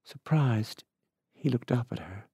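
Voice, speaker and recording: Gravelly man reading fiction. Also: medium pitch, expressive, slow, mellow, no room sound, clean studio sound. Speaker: reader. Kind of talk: literary reading.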